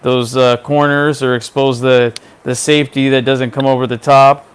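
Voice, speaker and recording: A man's voice: medium pitch, level tone, moderate pace, clear, resonant tone. A man hosting a sports radio show, asking hesitant questions with fillers. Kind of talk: interview questions.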